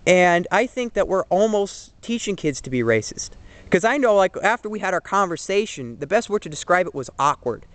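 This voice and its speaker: A man's voice: high voice, sing-song, fairly quick, fairly bright tone, no echo. A young man in his twenties giving an earnest, rambling opinion monologue, full of fillers and restarts. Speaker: vlogger. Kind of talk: casual opinion monologue to camera.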